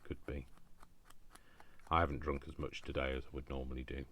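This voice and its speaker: Deep-voiced man thinking aloud. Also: little pitch movement, brisk, sharp tone, a little hiss or hum. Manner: chatty self-talk, addresses himself by name, jokey asides. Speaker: crafting channel host. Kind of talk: thinking aloud while crafting.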